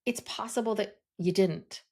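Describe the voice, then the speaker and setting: A woman's voice: mid-range voice, moderate pace, mellow. A woman co-hosting a podcast in casual chat, rambling and hesitant with many restarts. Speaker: podcast co-host.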